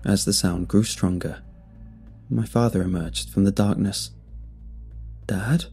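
A man narrating a first-person horror story in a tense, measured way. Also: low voice, fairly even intonation, vocal fry, darkish tone. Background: faint music.

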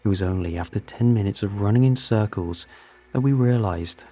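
Low husky male storyteller. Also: normal speed, warm tone. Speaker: narrator. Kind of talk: first-person story narration.

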